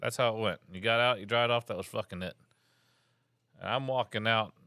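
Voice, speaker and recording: Animated cursing man with a deep voice. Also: fairly quick, no echo, studio quality. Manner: animated, heavy cursing, acts out quotes. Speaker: podcast host, Coast Guard veteran. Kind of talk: casual storytelling.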